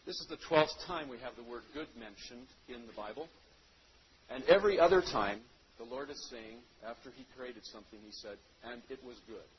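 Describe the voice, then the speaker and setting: A man's voice: mid-range voice, expressive, brisk. Emphatic male preacher, dull lo-fi recording. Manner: emphatic, swings between loud stresses and quiet trailing phrases. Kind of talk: sermon with scripture reading. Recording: dull lo-fi sound.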